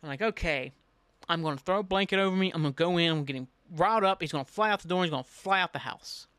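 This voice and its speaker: Alone on his podcast, a man recounts a funny story in a laid-back way, cursing, ribbing himself and playing out his own panic with lots of energy. His high voice is rapid-fire and smooth, recorded dry.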